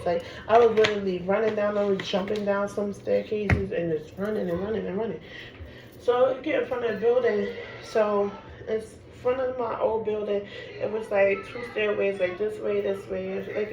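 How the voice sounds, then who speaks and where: A woman from Harlem, telling a personal story in a casual, animated way and peppering her talk with "like". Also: medium pitch. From Harlem, New York. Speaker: storyteller vlogger. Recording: echoey room with background noise.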